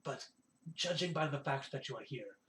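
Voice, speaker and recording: A man doing a hushed, confiding innkeeper. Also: lively intonation, moderate pace, noisy background, close to an everyday voice. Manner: lowered confiding voice.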